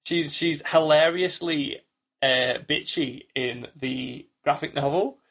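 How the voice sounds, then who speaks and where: A man's voice: a little high, takes it slowly, vocal fry, a bit bright. Rambling man chatting on a podcast. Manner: rambling, restarts often, acts out quotes. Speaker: podcast co-host. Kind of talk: casual chat.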